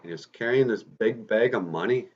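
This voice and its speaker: A man's voice: lowish voice, moderate pace, a little mellow, voice pushed up, close to an everyday voice. A man playing an old dying uncle. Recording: dull lo-fi recording, a bit distant.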